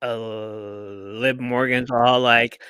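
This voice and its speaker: A man hosting a podcast, recapping a wrestling match in casual chat. He tells it as a lively story, acting out what people said and swearing lightly. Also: medium pitch, very slow, clean tone, dry recording, clean studio sound. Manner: animated storyteller who acts out quotes and swears casually. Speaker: podcast host.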